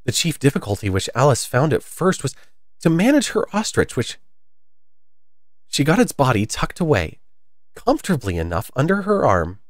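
A man reading a storybook aloud with a hugely animated, swooping delivery. His voice sits at a middle pitch. The recording is close and dry. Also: normal speed, no room sound. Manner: expressive, lively reading.

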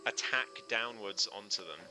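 Low-voiced man streaming a game. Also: normal speed, music in the background. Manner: chatty, reacts aloud, laughs often. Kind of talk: casual live gameplay commentary.

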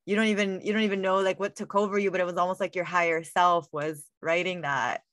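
A woman's voice: lowish voice, fairly even intonation, quick pace, a bit bright, no room sound, clean studio sound. A woman hosting a casual interview, reflective and speaking in loose run-on phrases. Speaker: host.

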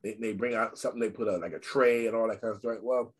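An older man, a guest magician in casual video-call chat, telling stories in an animated way and repeating phrases for emphasis. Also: on the low side, quick pace, slightly rough.

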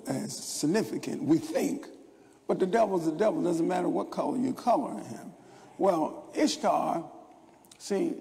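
Gravelly older preacher in a reverberant hall. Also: male voice, fairly high pitch, warm tone. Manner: rambling storytelling with stammered restarts. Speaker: pastor. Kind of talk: sermon. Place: church sanctuary. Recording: long church hall reverb.

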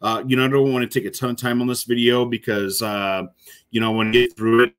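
A man's voice: mid-range voice, level tone, quick pace, clear, resonant tone. A man, a corrections officer, giving casual, rambling commentary while reacting to a video, with many fillers and restarts.

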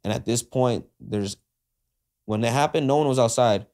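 At a moderate pace, a man with a medium pitch and a darkish tone recounts a story on a podcast where he's a guest. He speaks casually with lots of slang and frequent "like" and "uh," voicing the characters' lines himself.

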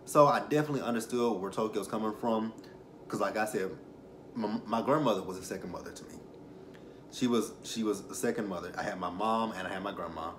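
A man's voice: on the low side, fairly quick, noisy background. A young man reviewing a reality show, rambling and self-correcting as he tells emotional personal stories. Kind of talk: casual commentary with personal stories.

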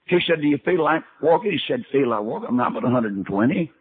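A man's voice: mid-range voice, lively intonation, fast, husky. An older man preaching a sermon, telling Bible stories in a folksy way and acting out the dialogue himself. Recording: tinny archival sermon recording.

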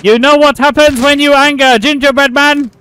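A man voicing an angry, vengeful gingerbread man who loudly repeats theatrical threats in a game. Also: extremely high pitch, fairly even intonation, moderate pace, noisy background, pitched above the performer's own voice. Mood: mock menace.

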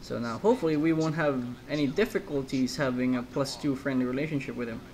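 A man's voice: mid-range voice, quick pace, a little mellow, a little hiss or hum, low-quality recording. Rambling, joking gameplay commentator, a man. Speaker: let's play host.

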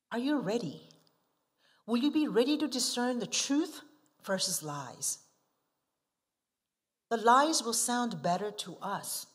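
A woman's voice: a little high, big pitch swings, takes it slowly, long pauses. A woman missionary preaching a sermon, asking the congregation rhetorical questions and stressing key words emphatically. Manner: asks the listeners frequent rhetorical questions; emphatic, swinging from soft asides to forceful stresses.

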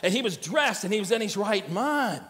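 Older joking pastor in a reverberant church. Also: male voice, high voice, expressive, normal speed, a bit bright. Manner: conversational, joking storyteller. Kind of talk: sermon. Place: church sanctuary.

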